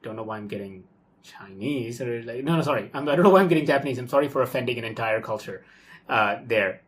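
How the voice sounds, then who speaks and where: A young man casually talking through his coding workflow live at his computer, excitable and thinking aloud with frequent okays and ums. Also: medium pitch, quick pace. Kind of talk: casual live screen-recorded walkthrough.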